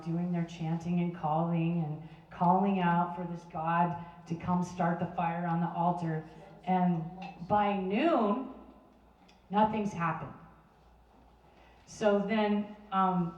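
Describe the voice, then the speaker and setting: A woman's voice: fairly low pitch, muffled recording. Woman Bible teacher, talkative storyteller, recorded from across a roomy space. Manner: chatty and animated, with many restarts and fillers. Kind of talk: casual storytelling sermon. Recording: roomy sound from a distant mic.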